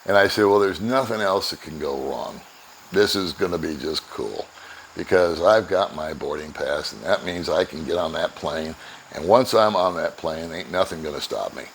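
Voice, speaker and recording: A man's voice: low-pitched, moderate pace, slight background noise, poor audio. An older American man casually telling a travel story, often chuckling and acting out both sides of conversations. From United States. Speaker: vlogger.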